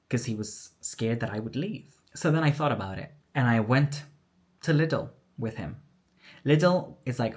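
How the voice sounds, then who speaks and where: A vlogger speaks in a rumbling low, slightly mellow voice, sharing a personal story. Candid and emotional, she reenacts the things others said.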